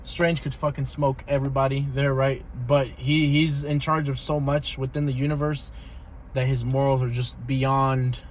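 A young man co-hosting a podcast, chatting casually and excitedly, with profanity and constant "bro". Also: mid-range voice, normal speed. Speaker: podcast co-host. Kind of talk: casual chat. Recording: faint background noise.

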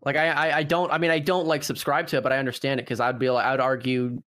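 A man's voice: medium pitch, little pitch movement, fast talker, a bit bright. A young man with a light Canadian accent, a podcast guest chatting casually, rambling with restarts and frequent swearing. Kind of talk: casual chat.

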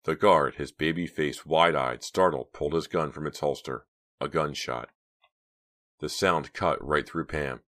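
Male audiobook narrator, extremely deep voice, quiet steady reading. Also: unhurried. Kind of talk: scripted narration.

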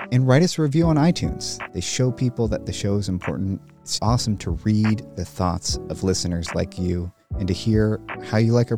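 A man hosting a podcast, chatting casually with a guest and reading his show's outro in a relaxed, friendly way. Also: fairly low pitch. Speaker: podcast host. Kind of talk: casual interview chat and show outro.

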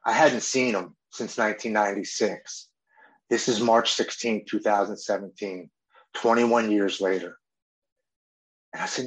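A man's voice: lowish voice, moderate pace, fairly bright tone, poor audio. A man in his thirties earnestly telling his own story of addiction and recovery, often quoting what he said and thought. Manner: earnest, emotional storytelling with quoted inner speech. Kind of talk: personal recovery testimony.

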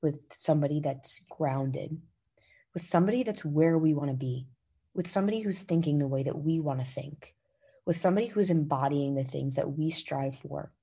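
A woman's voice: low-pitched, normal speed, gravelly, warm tone, husky. A woman hosting a podcast, giving an emphatic motivational talk and coaching listeners directly into her mic, swearing freely. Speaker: podcast host. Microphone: podcast microphone.

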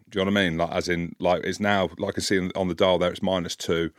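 A man in his forties, a podcast co-host and commentator, telling an animated story in casual chat, his voice rising sharply when he replays an argument. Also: fast talker, no room sound, studio quality. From Scotland. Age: 40s. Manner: animated anecdote, gets loud and high when quoting the argument.

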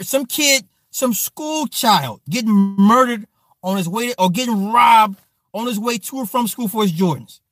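A man in his forties spins a casual story for his live chat, swearing freely and repeating himself for effect. His voice sits high and the sound is dry and close. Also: no echo. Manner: profane, animated, repetitive slang. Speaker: streamer talking to chat.

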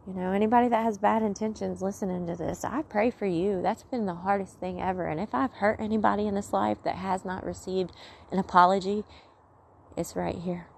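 A woman's voice: mid-range voice, steady tone, brisk, creaky, a little hiss or hum. A woman outdoors giving an earnest, rambling faith testimony. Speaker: vlogger sharing faith message. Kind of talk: heartfelt spoken testimony.

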